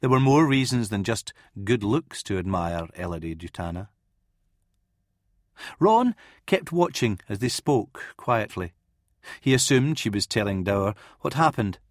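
A man narrating an audiobook in an expressive reading style. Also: lowish voice, measured pace, no room sound, studio quality. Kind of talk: scripted narration.

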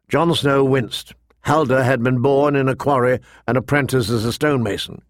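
A man narrating a fantasy novel in a measured storytelling manner, voicing the characters. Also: mid-range voice, dry recording, clean studio sound. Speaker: audiobook narrator. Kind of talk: scripted narration.

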